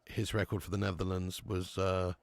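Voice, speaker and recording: A man's voice: deep voice, level tone, normal speed, vocal fry, dry recording. A man hosting a live football watch-along, chatting casually and swearing freely. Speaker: host.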